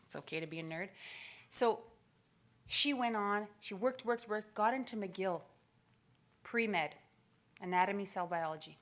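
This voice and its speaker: A woman in her forties giving a motivational keynote speech, telling stories with lively acted-out quotes. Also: on the low side. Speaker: keynote speaker. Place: conference stage.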